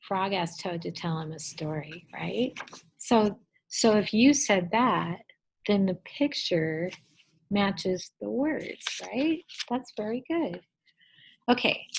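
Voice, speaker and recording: A woman teacher giving a gentle, encouraging lesson to young children and asking them questions. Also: medium pitch, poor audio.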